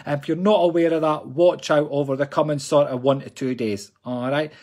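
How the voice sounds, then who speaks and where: Man, Scottish accent, slightly raised pitch, husky, chatty live-stream medium, jokey. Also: fairly even intonation, a little fast, few pauses, darkish tone. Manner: chatty, jokey, addresses viewers as folks. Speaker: psychic medium host.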